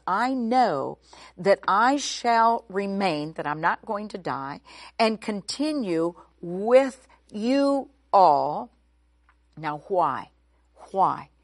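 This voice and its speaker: A woman's voice: mid-range voice, no room sound. Emphatic woman teaching scripture, dry sound. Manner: emphatic, shifting pace, slows to stress key words. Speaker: Bible teacher. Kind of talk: expository Bible teaching.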